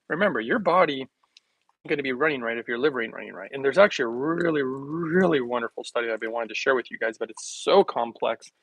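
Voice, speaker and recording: A man chats loosely to his viewers from his kitchen, trailing off, circling back and laughing at his own jokes. His voice sits at an ordinary middle pitch and is recorded dry and close, with no room echo. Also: a bit bright, slightly rough. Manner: rambling, joking, laughs often, talks to viewers. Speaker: health livestream host. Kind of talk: casual livestream chat.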